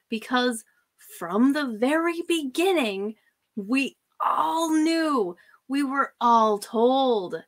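A woman's voice: on the high side, fairly bright tone. A woman hosting her own channel, ranting profanely with scornful, sarcastic mockery and frequent laughter. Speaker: channel host.

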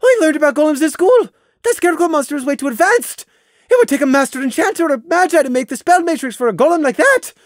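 A man doing a young unicorn mare in a storybook reading, her voice pitched way up and shrill with panic, lively and quick. The reading is close and dry, with no room sound. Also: dry recording. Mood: panicked.

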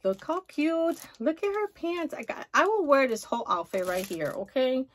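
Gushing, excitable woman vlogger. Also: high-pitched, moderate pace. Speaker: haul vlogger. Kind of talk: casual haul vlog chat.

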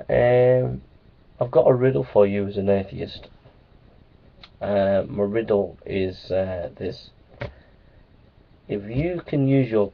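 A man's voice: lowish voice, gravelly. A man talking casually to his viewers in a rambling, playful way. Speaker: vlogger. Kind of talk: casual vlog talk. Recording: tinny phone-like sound.

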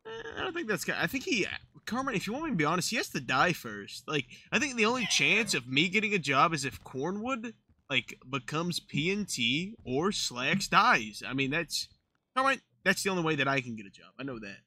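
Young man, role-play streamer, excitable, sharp bright tone, very animated. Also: a little high, brisk, husky, dry recording. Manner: excitable, swings into loud exclamations. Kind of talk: in-character role-play chat.

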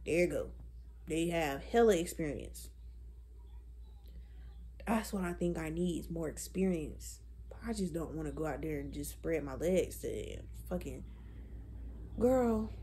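A woman in her twenties talking in a casual, blunt and profane way, animated as she vents about dating. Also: deep voice, unhurried, pauses often, a little hiss or hum. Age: 20s. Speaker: vlogger. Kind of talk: casual chat.

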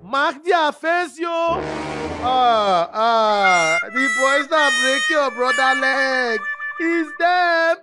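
An actor playing an angry, protective Nigerian landlord father in a cartoon skit, with a Nigerian accent and a loud scolding manner. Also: extremely high pitch, expressive, drawn-out words, loud music behind the voice, heavily acted. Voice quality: shouting, scolding.

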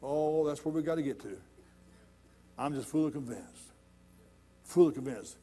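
A middle-aged man preaching a sermon in a church, folksy and conversational, building to loud emphatic points. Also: a little high, moderate pace, slightly rough, soft background music. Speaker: pastor.

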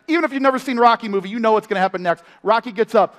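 A male family pastor preaching in a lively, storytelling way, with quick humor and playful impressions. His voice sits high for a man. It rings out with the long reverb of a large hall. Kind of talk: sermon. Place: church. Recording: live sermon in a reverberant hall.

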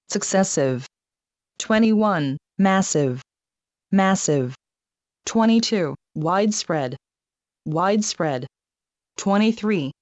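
A woman reading a numbered vocabulary test, saying each word twice with pauses. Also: fairly low pitch, no echo. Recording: dull lo-fi dry recording.

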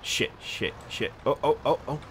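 A man's voice: mid-range voice, moderate pace, pushed and bright, a little hiss or hum. A young man giving casual, sweary commentary as he struggles with a game, muttering to himself and laughing. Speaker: gamer.

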